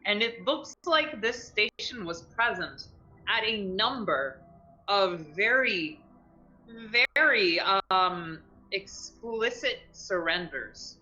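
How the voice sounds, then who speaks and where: A woman running a tabletop game as game master, narrating with many halting ums and restarts. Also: medium pitch, expressive, bright, forceful tone, lo-fi sound.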